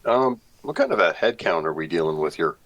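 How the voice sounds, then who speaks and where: A man's voice: sits low, big pitch swings, a little fast, a bit bright. A man playing a tabletop game, asking dry, wary questions. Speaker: player.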